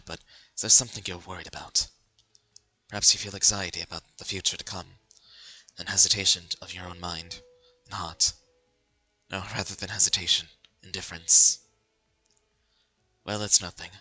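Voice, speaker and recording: A man doing a calm, soft-spoken young student. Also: sits low, normal speed, husky, pitched below the performer's own voice, full character voice, poor audio. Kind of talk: reading game dialogue aloud.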